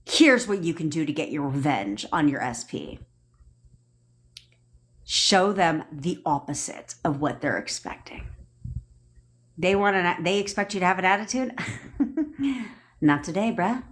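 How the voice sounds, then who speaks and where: A young woman talks into her phone on a livestream. She coaches bluntly, repeats herself for effect and swears freely. Her voice sits a little low but swings widely in pitch. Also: lively intonation, a little slow, long pauses. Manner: blunt, profane, repetitive tough-love ranting. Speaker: manifestation coach. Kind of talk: TikTok live rant.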